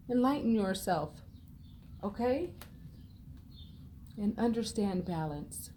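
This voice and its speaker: Sassy, profane woman tarot reader ranting. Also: a little hiss or hum. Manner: sassy, profane, swings from loud scolding to low murmurs. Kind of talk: blunt unscripted tarot vlog rant.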